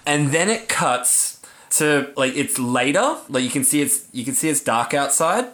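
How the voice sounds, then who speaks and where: A man's voice: a little high, expressive, normal speed, fairly bright tone. A young man in casual podcast chat, telling a story in a rambling way with lots of fillers and some swearing. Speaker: podcast co-host.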